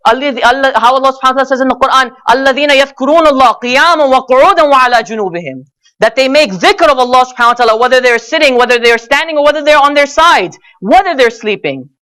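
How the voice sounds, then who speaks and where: A man's voice: very high-pitched, racing, few pauses, sharp tone. Earnest male preacher telling stories. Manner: earnest, addresses "brothers and sisters", frequent "you know". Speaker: speaker at a Muharram gathering. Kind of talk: sermon with storytelling.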